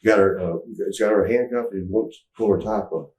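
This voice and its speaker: A man's voice: on the low side, normal speed, darkish tone. A man telling a candid story in an interview, rambling with restarts and acting out what people said. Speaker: interview guest. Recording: roomy, mic at some distance.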